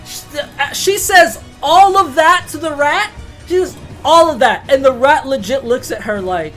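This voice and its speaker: A woman narrating a tabletop game as game master, excitable, swearing casually and laughing often. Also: sits high, unhurried, soft background music.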